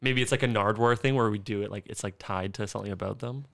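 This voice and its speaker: A man's voice: lowish voice, fast, vocal fry, a bit bright, no room sound, studio quality. A man co-hosting a podcast, bantering and joking in a casual chat. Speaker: podcast co-host.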